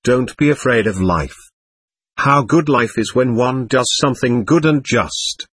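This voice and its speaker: A man reading the part of a gentle, earnest young man who speaks warmly and pleadingly to a group of boys, in a storybook reading. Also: medium pitch, unhurried, breathy edge, no room sound. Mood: tender. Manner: warm, heartfelt, pleading.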